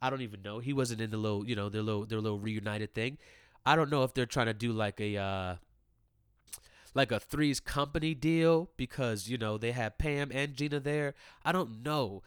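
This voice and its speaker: A man in a casual comedic rant, cursing freely and jumping from loud, high outbursts to low, mumbled asides. His voice sits at a middle pitch. The recording is dry and close, with no room sound. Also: normal speed, smooth, no room sound. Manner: animated, profane, swings between loud outbursts and mumbled asides.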